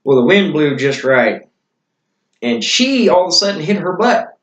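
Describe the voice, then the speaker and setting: A man's voice: high-pitched, sing-song, moderate pace, fairly bright tone, muffled recording. Guy rambling through stories, lots of uhs, roomy echo. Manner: rambling, many fillers and restarts. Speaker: vlogger telling stories. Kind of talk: casual storytelling.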